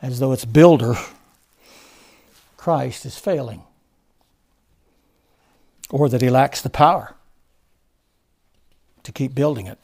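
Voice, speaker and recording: A man preaching a sermon, rising to loud fervent emphasis and then dropping to low, quiet stresses. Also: takes it slowly, long pauses. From United States.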